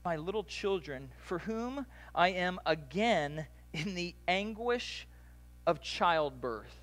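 A male pastor delivering a sermon with a somewhat high-pitched voice. He preaches in a relaxed, conversational way and slips into lively, animated asides. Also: slow pace.

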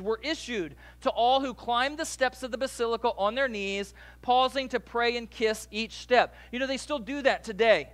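A pastor preaching a sermon in a relaxed, conversational way, with asides and quick jokes to the congregation. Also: male voice, extremely high pitch.

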